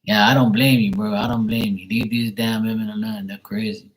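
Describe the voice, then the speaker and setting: Deep voiced guy on a tarot livestream, blunt, cussing, ranting casually. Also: fairly even intonation, a little fast, low-quality recording. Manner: blunt, profane, ranting with chuckles.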